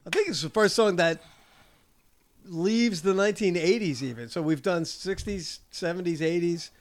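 A man's voice: sits high, moderate pace. A man hosting a podcast in casual chat, upbeat and leading the segments. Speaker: podcast host.

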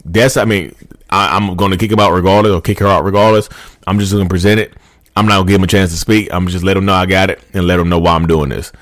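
A man's voice: deep voice, steady tone, fast, no echo, clean studio sound. A man hosting a podcast, giving advice in a loose, repetitive, conversational way and speaking straight to his listeners. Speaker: podcast host. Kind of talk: casual advice monologue.

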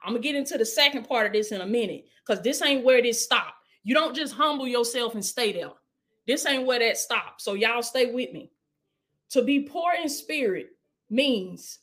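High-voiced woman preaching a sermon. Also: lively intonation, moderate pace. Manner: preaching with call-and-response, dropping to hushed prayer.

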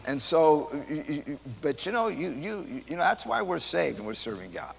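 A man, a pastor teaching Sunday school in a rambling, animated, conversational way, often repeating his words. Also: a little high, moderate pace, creaky, a little hiss or hum. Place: church hall. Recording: church hall reverb.

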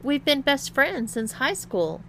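A woman voicing a mean young woman with a husky voice who taunts and mocks. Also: high voice, very animated, measured pace, sharp tone, a little hiss or hum, voice pushed up, full character voice. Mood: taunting. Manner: mocking, teasing.

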